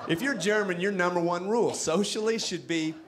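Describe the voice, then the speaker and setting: A man from Texas does a stand-up set at a comedy club, holding the mic and delivering self-mocking, lively material. His voice is high-pitched and brisk, with background noise.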